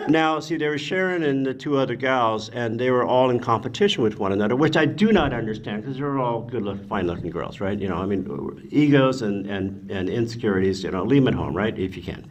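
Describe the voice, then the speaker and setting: Older man spinning lively anecdotes. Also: medium pitch, a little fast, hardly any pauses, highs cut off. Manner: animated, acts out quotes, swears casually. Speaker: actor guest on a convention panel. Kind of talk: anecdotal storytelling.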